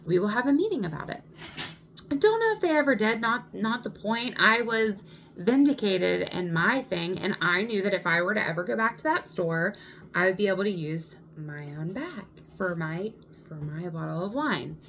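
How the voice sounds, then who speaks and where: Indignant woman with a gravelly voice. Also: medium pitch, normal speed, a little hiss or hum. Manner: animated, indignant retelling. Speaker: vlogger. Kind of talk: storytime vlog.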